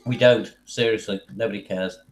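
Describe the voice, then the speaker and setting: A man's voice: on the low side, steady tone, normal speed, noisy background. A man chatting casually on a stream, trading joking, dry asides. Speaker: podcast co-host. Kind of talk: casual chat.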